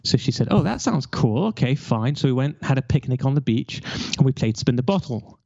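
A man's voice: medium pitch, fairly even intonation, fairly quick, dark tone, no room sound, highs cut off. A man in his forties from London, telling his life story candidly over a remote call, rambling with restarts. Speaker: guest.

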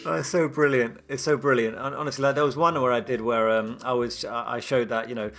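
A man's voice: medium pitch, fairly even intonation, a little fast, noisy background. A man co-hosting a podcast, chatting casually in a joking, rambling way with lots of fillers. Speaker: podcast co-host. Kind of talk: casual chat.

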